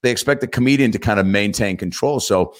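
A man's voice: fairly low pitch, quick pace. A man, a comedian and actor, telling stories as a guest in a casual interview, acting out what people said. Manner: animated storyteller, acts out quotes.

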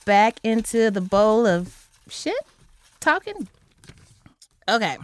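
A young woman telling a story in casual chat, animated and profane, acting out her own lines in a high voice. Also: takes it slowly, dry recording.

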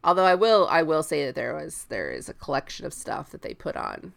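Woman, casual podcast co-host, rambly and giggly, gravelly low voice. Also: huge pitch swings, a little fast. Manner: rambling, laughing, restarts. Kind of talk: casual chat.

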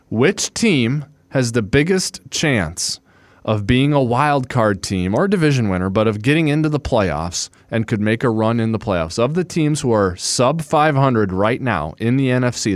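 A man hosting a sports podcast, moving briskly through segments like an announcer. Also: on the low side, no echo. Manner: brisk, announcer-like wrap-ups. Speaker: podcast host.

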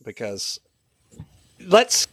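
A man's voice: dry recording, studio quality. Reassuring man hosting a podcast. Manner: reassuring, halting restarts. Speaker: podcast host. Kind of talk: interview conversation.

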